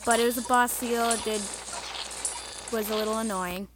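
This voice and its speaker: A woman's voice: on the high side, moderate pace. Chatty woman narrating her mobile game. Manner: chatty, self-mocking, bursts of excited cheering. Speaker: mobile game video host. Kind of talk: casual gameplay commentary. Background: game music.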